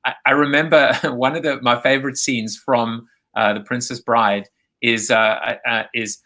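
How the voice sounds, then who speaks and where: A man's voice: mid-range voice, little pitch movement, normal speed, bright, forceful tone. A man hosting a live video chat show, joking and rambling as he reads out viewer comments over a video call.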